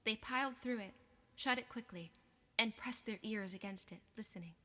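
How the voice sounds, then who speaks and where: A woman reading an audiobook aloud in a measured, expressive way. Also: fairly high pitch. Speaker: audiobook reader. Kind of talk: audiobook narration. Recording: long reverb.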